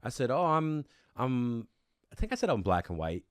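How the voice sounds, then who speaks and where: A man's voice: medium pitch, very animated, moderate pace, dry recording, clean studio sound. A man casually recapping a reality show on a podcast, laid-back and swearing freely as he tells stories.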